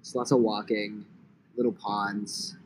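A man's voice: on the low side, little pitch movement, measured pace, slight background noise, rough recording. A man hosting a podcast in casual, joking chat, outdoors in a park. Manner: laid-back, joking. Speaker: podcast host. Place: outdoors in a park, on a grassy slope.

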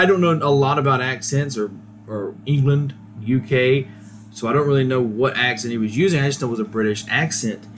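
A man's voice: mid-range voice, slight background noise. A man hosting a podcast, giving a casual, rambling solo movie review with many hesitations. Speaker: podcast host.

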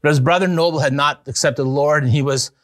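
A pastor preaches in an earnest, storytelling way, pushing into excited emphasis at key points. His male voice sits a little high. The sound is dry and close, with no room echo. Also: quick pace. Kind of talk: evangelistic sermon with storytelling.

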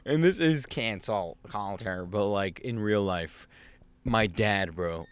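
A man telling a story in casual chat, animated and full of swearing. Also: on the low side, slow pace, clear, resonant tone.

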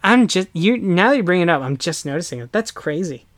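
A young American man chatting casually on a podcast, animated and quick to slip into playful voices. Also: sits high, no echo, studio quality. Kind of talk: casual chat.

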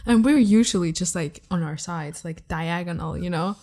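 A woman's voice: lowish voice, normal speed, dark tone. A young woman co-hosting a podcast in casual chat, swearing freely, mocking herself and laughing often. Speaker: podcast co-host.

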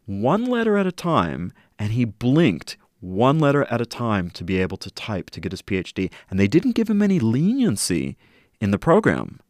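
A middle-aged man telling a personal story in an earnest, reflective way, slowing down at key moments. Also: fairly low pitch, darkish tone, dry recording, clean studio sound. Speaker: interview guest.

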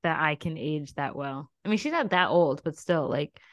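A woman's voice: low voice, animated, moderate pace. A young woman co-hosting a podcast, chatting casually and giggling, with lots of filler words. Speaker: podcast co-host. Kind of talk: casual chat.

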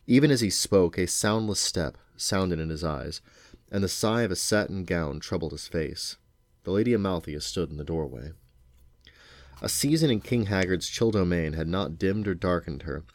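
Deep-voiced dad reading a story aloud. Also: male voice, moderate pace, no room sound. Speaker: parent reading to his children.

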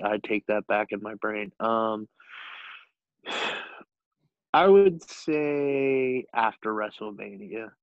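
A man's voice: fairly low pitch, dry recording. Man, young adult, opinionated podcast chat, dry and muffled recording. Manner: opinionated, laughs at himself. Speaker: podcast co-host. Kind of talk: casual chat about pro wrestling.

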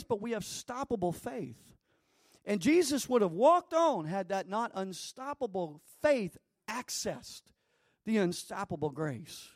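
High-voiced animated male preacher. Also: no room sound, studio quality. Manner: animated, emphatic storytelling with repetitions. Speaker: pastor. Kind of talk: sermon. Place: church.

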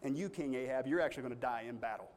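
A man's voice: medium pitch, racing, lightly acted. A man preacher voicing a bold, sarcastic male biblical prophet in a retold story. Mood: blunt. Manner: sarcastic, then blunt.

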